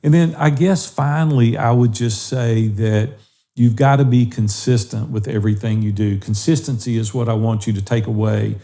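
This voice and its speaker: A man's voice: medium pitch, fairly even intonation, moderate pace, dark tone. A middle-aged man co-hosting a faith-based podcast, earnestly encouraging listeners. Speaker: podcast co-host.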